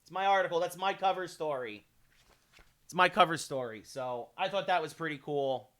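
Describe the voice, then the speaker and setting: A streamer with a higher voice chats at a moderate pace with his livestream viewers. Gaming chat mixes with excited hockey play-by-play as he plays a hockey video game.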